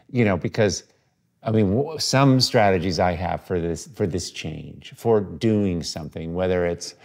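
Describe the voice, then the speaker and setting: A man's voice: deep voice, a little mellow. A British man hosting a podcast interview, asking rambling questions full of fillers and restarts. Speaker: podcast host. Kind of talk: casual interview chat.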